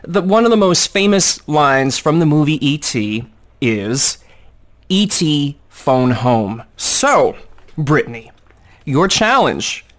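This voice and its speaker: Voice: medium pitch, sing-song, slow pace, fairly bright tone. Playful rambling interview host. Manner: playful, joking, rambling questions. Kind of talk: casual interview.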